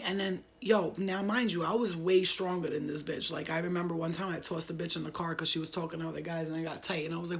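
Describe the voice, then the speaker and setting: A woman's voice: on the low side, a little fast, vocal fry. A young woman casually telling viewers a ghost story, rambling, swearing and laughing often.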